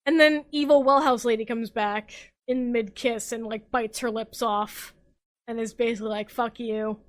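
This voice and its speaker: A woman's voice: fairly high pitch, fairly even intonation, normal speed, rough recording. A tipsy woman hosting a casual comic podcast, telling a story animatedly with lots of swearing and laughter. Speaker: podcast host.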